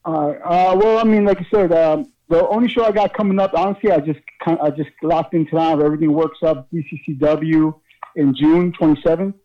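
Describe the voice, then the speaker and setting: A man with a fairly high voice recounts a story from his wrestling career in a loose, swearing, animated way. The recording is dull and lo-fi, as if from a cheap mic. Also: fairly quick. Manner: swearing, laughing, lively storyteller. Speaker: pro wrestler guest. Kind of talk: casual storytelling interview.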